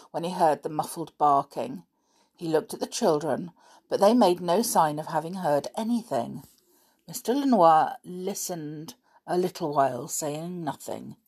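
A woman narrates a children's adventure book at a very slow, unhurried pace. Her voice sits low and carries a husky, breathy grain. The telling is expressive, leaning into each sentence. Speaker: storyteller. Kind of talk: reading a children's book aloud.

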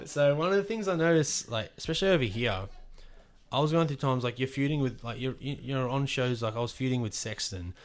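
Speaking in a mid-range voice at a fairly quick pace, a pro wrestler shares an anecdote on an easygoing podcast. He acts out the dialogue animatedly and doesn't hold back on the swearing.

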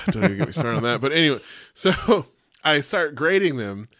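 A young man, a teacher, telling a story in casual chat, animated and profane, full of "like", acting out the quotes. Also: fairly high pitch, moderate pace, no echo, clean studio sound. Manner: animated and profane, heavy use of "like", acts out quotes.

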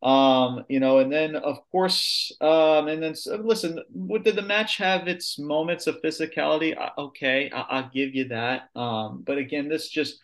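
A man's voice: fairly high pitch, moderate pace, few pauses. Ranting man reviewing wrestling. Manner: ranting, animated, swears freely. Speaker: podcast co-host. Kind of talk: casual wrestling review chat.

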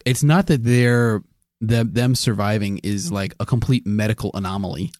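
A man co-hosting a podcast in casual chat, reasoning through a point with halting restarts and some laughter. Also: lowish voice, darkish tone, no echo, studio quality. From United States. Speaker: podcast co-host.

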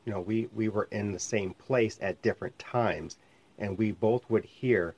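A minister and podcast host teaches in a conversational, rambling way from his home studio, which he calls the lab, often correcting himself. His voice is lowish and a little mellow, at a measured pace. The lo-fi recording is slightly muffled.

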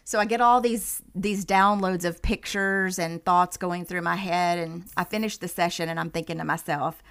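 A woman's voice: lowish voice, normal speed, clear, resonant tone. A woman, a medium, telling a vivid story as a podcast guest and acting out the voices in it. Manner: animated storyteller, acts out quoted dialogue.

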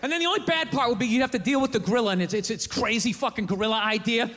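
A male stand-up comedian telling a story in a profane, animated rant. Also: extremely high pitch, rapid-fire. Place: live comedy venue. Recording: echoey hall with audience.

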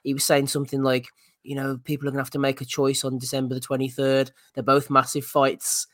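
A man hosting a boxing podcast, steering the chat and running through a segment list in an easygoing way. He has a middle-pitched voice, recorded dry and close. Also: completely flat delivery, fast talker, a bit bright, no room sound. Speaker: podcast host.

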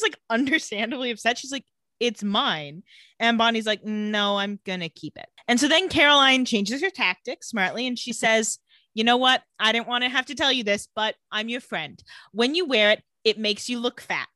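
A woman's voice: on the high side, moderate pace, no room sound. A young woman co-hosting a podcast, chatting casually and acting out characters' lines as she retells scenes. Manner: animated, acts out characters' lines while retelling. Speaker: podcast co-host recapping a TV show. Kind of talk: casual chat.

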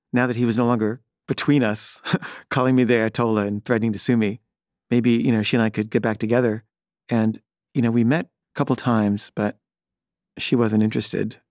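A man's voice: mid-range voice, a little mellow, no room sound. Man, middle-aged, rambling personal story, hesitant restarts, wry, dry close sound. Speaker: filmmaker telling a personal story.

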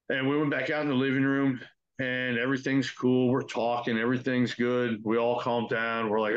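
A man's voice: mid-range voice, flat delivery, fairly quick. A young man casually telling a ghost story, swearing freely and acting out what everyone said. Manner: profane, conversational, acts out quotes. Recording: dull lo-fi recording.

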